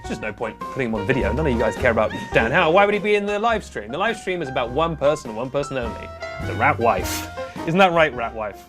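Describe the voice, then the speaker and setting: A man's voice: medium pitch, quick pace, hardly any pauses, music in the background. A young man hosting a comedic charity live stream, playful and prone to laughing. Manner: playful, giggly, animated banter.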